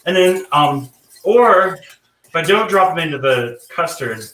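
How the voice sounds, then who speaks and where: A man from the Southern United States chats loosely while he cooks, stacking up fillers and restarts. His voice has a bright, forceful edge. He sits well back from the mic in an echoey room with faint noise behind him. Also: on the high side, lively intonation, unhurried, recorded from a distance. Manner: rambling, with many fillers and restarts. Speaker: guest cook. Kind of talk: casual chat while cooking.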